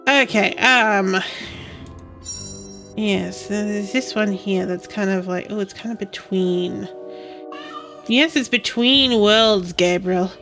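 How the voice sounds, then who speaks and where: A woman's voice: mid-range voice, slow pace, long pauses, a bit bright, soft background music. A woman streaming a game and chatting casually to herself and her cat. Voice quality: cooing, baby-talk to her cat.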